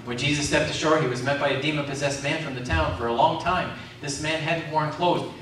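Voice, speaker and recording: A man's voice: fairly high pitch, steady tone, a little fast, fairly bright tone, a little hiss or hum. A man preaching a sermon, calling out questions to the congregation. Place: community centre hall. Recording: echoey hall from far off.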